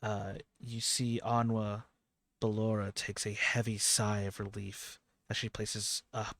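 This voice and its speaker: A man narrating a tabletop game in a low, gravelly voice. He talks slowly and haltingly, with many fillers. The sound is dry and close. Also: flat delivery, a bit bright, no room sound. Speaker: game master.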